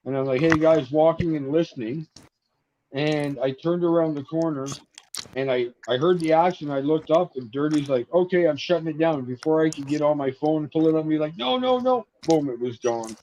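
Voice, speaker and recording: A Canadian man from Ontario telling stories in a casual chat, animated, acting out the voices of people in his stories. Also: a little high, fairly quick. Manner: animated storyteller, acts out dialogue. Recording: muffled lo-fi audio with faint noise.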